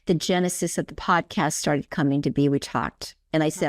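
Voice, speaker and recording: A woman's voice: low-pitched, fairly even intonation, normal speed. A woman hosting a podcast interview, talking in an effusive, storytelling way and acting out her own past remarks. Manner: effusive, tells stories with quoted inner speech. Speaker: podcast host. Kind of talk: casual conversational interview.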